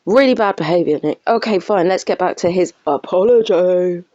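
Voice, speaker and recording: A woman's voice: lowish voice, normal speed, warm tone, dry recording, dull audio. A woman commentating on online drama in a ranting, sarcastic, exasperated way.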